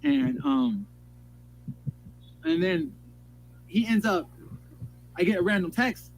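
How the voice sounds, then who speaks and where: Man, high voice, gravelly, rambling profane story, agitated, keeps restarting sentences. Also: expressive, slow, slight background noise, low-quality recording. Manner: agitated and emotional. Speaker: storyteller in a played clip.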